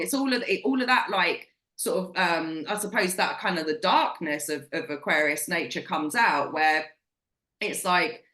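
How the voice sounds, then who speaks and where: A woman's voice: fairly low pitch, expressive, moderate pace, pushed and bright, reverberant. Blunt British woman in her forties. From Britain. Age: 40s. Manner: blunt, emphatic, swears freely. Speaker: podcast co-host. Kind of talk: casual chat.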